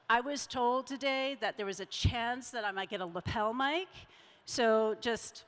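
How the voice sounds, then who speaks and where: Middle-aged woman giving a keynote, lively and chatty, bit high voice, long hall reverb. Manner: lively, conversational, emphatic. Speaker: keynote speaker. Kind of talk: public speaking talk. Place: large event hall.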